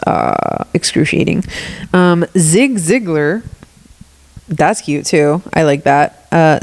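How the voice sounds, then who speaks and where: A woman's voice: deep voice, a little mellow. A young woman hosting a solo podcast, chatting casually and rambling with lots of fillers and self-deprecating asides. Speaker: podcast host.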